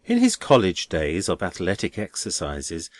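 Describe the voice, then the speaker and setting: A man narrating an audiobook in a measured, deliberate way. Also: deep voice, huge pitch swings, dry recording.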